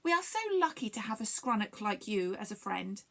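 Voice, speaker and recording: A woman voicing a gentle, earnest storybook creature. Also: medium pitch, sing-song, brisk. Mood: grateful.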